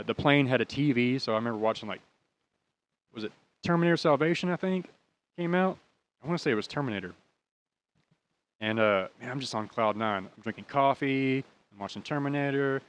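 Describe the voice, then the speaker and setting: A man's voice: medium pitch, a bit bright, smooth. A young American man tells a personal story in an easy, rambling way. His speech is casual and full of swearing, with emotion running through it. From United States. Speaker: podcast host.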